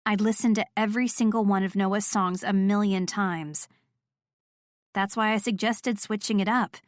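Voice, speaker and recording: A woman narrating a first-person romance audiobook in a steady, clear storytelling voice. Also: medium pitch, moderate pace, no room sound, studio quality.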